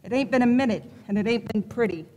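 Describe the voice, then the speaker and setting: A woman's voice: on the high side, fast talker, darkish tone, big-room sound, close to an everyday voice. A woman playing a blunt, wisecracking fake fortune teller in a stage play.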